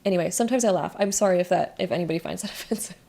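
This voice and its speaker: A young woman talks through a spiritual card reading in a relaxed, mellow voice. She chats freely, fills her talk with little fillers and restarts, and laughs at her own habit of over-explaining. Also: lowish voice, rapid-fire, creaky. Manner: chatty, laughs at herself, over-explains with many likes. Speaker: tarot reader.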